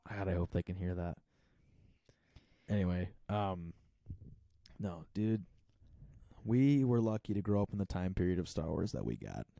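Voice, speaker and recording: A man's voice: low-pitched, lively intonation, moderate pace, gravelly, long pauses, mellow. A man in his twenties co-hosting a podcast in a casual, rambling chat full of filler words. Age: 20s. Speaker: podcast co-host.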